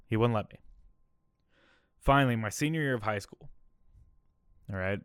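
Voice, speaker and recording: Male podcast host, about thirty, candid and rambling as he tells a personal story, slightly low voice, dry sound. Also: normal speed, clean tone, no echo. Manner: candid, rambling, keeps adding "all right?" and "okay?".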